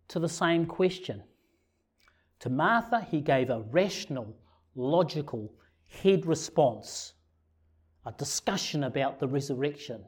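A man with a fairly high voice preaching a sermon in an easy, conversational manner. He keeps putting rhetorical questions to his listeners and chuckles now and then between points. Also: a little mellow. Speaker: pastor.

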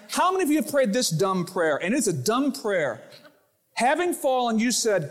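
In a church sanctuary, a male pastor preaches at a normal speed in a high, very lively voice that jumps up and down. He throws himself into the sermon, acting out the voices in his quotes and stories.

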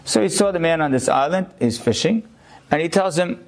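Rabbi, male, fairly high voice, lively storyteller turning earnest preacher. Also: fairly quick, faint music behind. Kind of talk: short Torah lecture.

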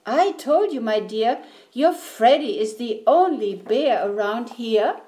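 A woman doing a brisk, dismissive mom. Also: fairly high pitch, lively intonation, mellow. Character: cheerful, dismissive mother.

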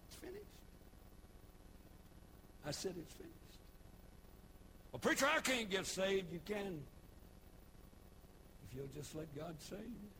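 A man preaching a sermon, folksy storytelling that builds into shouted preaching. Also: high-pitched, lively intonation, a little slow, long pauses, a little hiss or hum, rough recording. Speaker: pastor. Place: church.

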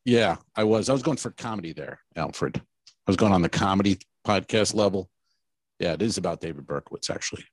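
A man's voice: deep voice, lively intonation, brisk, husky, dry recording. A man co-hosting a casual comedy podcast, telling rambling, profane stories. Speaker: podcast co-host.

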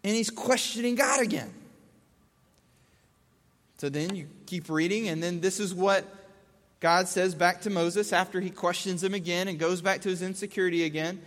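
High-voiced man teaching the Bible. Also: normal speed, long pauses, a bit bright, in a large hall. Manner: casual, asks rhetorical questions, restates points in plain words.

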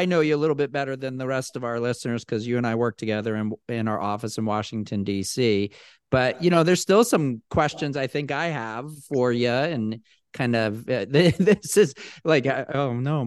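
Male co-host; chuckly, stammering delivery; smooth, resonant tone on a dead-dry mic. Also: mid-range voice, no room sound. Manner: laughs often, stammering restarts. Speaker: co-host, boss. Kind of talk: casual podcast interview.

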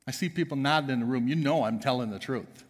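A pastor delivering an emphatic sermon in a church, swinging between loud and hushed. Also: male voice, medium pitch, fast talker, long reverb tail. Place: church sanctuary.

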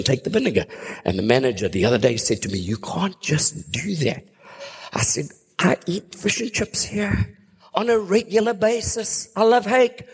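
Pastor, male, fairly high voice, animated sermon delivery, long hall reverb. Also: breathy edge. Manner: animated, swooping between low hushed and high exclaiming tones.

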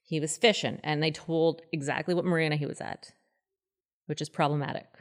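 A woman in her thirties hosting a podcast, telling a true-crime story in a casual, chatty and animated way. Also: brisk. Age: 30s. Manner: chatty, animated, acts out quoted people in a higher voice. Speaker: podcast host.

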